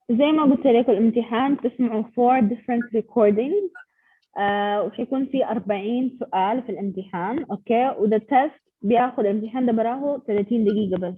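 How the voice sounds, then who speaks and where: Woman teacher, quick encouraging explainer, tinny call audio, mid pitch. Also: breathy edge. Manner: encouraging, explains step by step, switches languages mid-sentence. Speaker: English exam teacher. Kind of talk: online class lecture.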